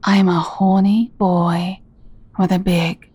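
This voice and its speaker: A woman performing a scripted dominant audio role-play, speaking in a teasing, commanding way and often dropping into soft whispers. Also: fairly low pitch, level tone, dry recording. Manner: teasing, commanding, slow and deliberate; soft-spoken, drops into breathy whispers.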